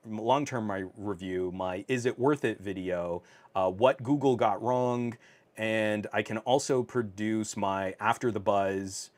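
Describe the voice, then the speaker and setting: Male tech streamer, slightly low voice, loose chatty delivery full of ums, reads chat and laughs. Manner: chatty, reads viewer comments, laughs often, many fillers. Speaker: tech livestream host. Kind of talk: casual live-stream chat. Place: home office. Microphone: on camera.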